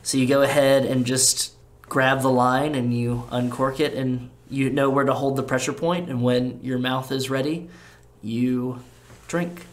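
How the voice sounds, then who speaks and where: A man narrating as game master in a relaxed, casual way with many fillers. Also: medium pitch, measured pace.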